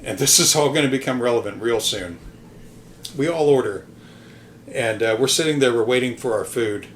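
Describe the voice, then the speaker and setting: A man's voice: medium pitch, fast talker, fairly bright tone, a little hiss or hum. A man hosting a podcast, telling a casual story in a rambling, hesitant way, full of ums and restarts, with some casual swearing. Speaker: podcast host.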